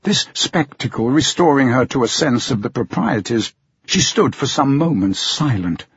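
A man's voice: mid-range voice, expressive, breathy edge. Man narrating a classic story. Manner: measured storytelling. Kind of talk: audiobook reading. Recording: dull lo-fi sound.

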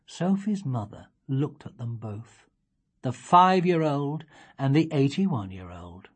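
A woman reading a children's storybook aloud. Her voice is low and husky. She is expressive and measured, with a wide, lively sweep of pitch. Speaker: reader.

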